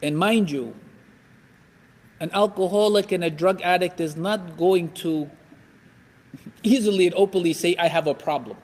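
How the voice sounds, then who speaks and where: A man with a strikingly high voice gives a religious lecture with animated delivery, acting out everyday scenes as he goes. His voice rings out with the long reverb of a large hall. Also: measured pace, long pauses. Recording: echoey hall.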